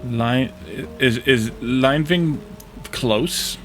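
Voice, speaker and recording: A man's voice: mid-range voice, drawn-out words, long pauses, faint music behind. A man streaming a factory-building game, chatting casually with viewers, joking and fumbling over how to say foreign words. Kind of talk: casual gameplay commentary with chat.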